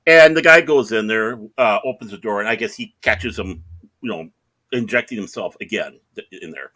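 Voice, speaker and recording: A man's voice: lowish voice, normal speed, pushed and bright. A middle-aged man telling a long anecdote in casual chat, acting out the other people in the story in raised voices. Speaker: podcast co-host.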